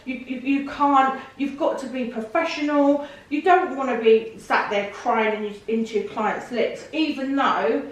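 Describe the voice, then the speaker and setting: A woman, a podcast guest telling her story in casual chat, emotional and animated, with put-on voices for the people she quotes. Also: high-pitched, a little slow, hardly any pauses, dull audio. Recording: echoey room from a distance.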